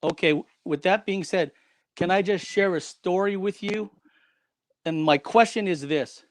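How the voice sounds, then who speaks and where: A man's voice: high voice, a little slow, no echo, clean studio sound. A man who is a guest on the show, telling a personal story in an emphatic, dramatic way and repeating key lines.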